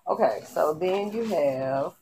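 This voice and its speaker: Lady w a real deep low voice doing a slangy tv recap, talking straight to the viewers. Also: expressive, slow pace, dark tone, a little hiss or hum. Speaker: TV show recapper. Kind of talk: casual TV recap commentary.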